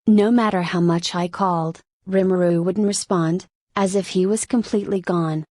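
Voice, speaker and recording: A woman with a fairly low voice reads a light novel audiobook in first person. Her storytelling is plain and steady, recorded close and dry with no room sound. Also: moderate pace, no echo. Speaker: audiobook narrator.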